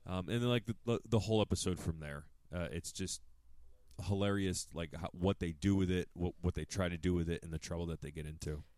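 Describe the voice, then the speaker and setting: A man's voice: low-pitched, fairly quick, a little mellow, no room sound. A man co-hosting a podcast, rambling in casual chat with lots of fillers, restarts and swearing. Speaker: podcast co-host.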